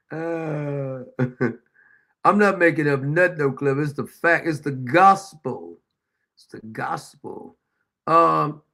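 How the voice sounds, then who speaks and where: A man hosting a livestream in loose, colloquial speech, chuckling as he goes. His voice sits high for a man and carries a strong gravelly rasp. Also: bright, forceful tone. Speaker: host. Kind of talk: livestream commentary.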